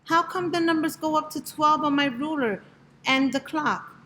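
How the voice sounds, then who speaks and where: A woman's voice: high-pitched, normal speed, sharp tone, slight background noise, pitched above the performer's own voice. A woman reading aloud as a curious little girl who loves numbers, asking wondering questions.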